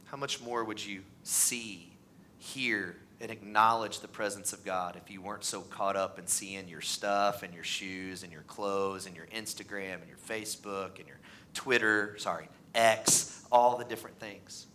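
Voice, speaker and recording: A pastor in his thirties preaching a sermon in a church, animated and acting out the voices of the people in his stories. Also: unhurried, slight background noise. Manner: animated, acts out voices, pitch rises on mocking lines. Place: church sanctuary.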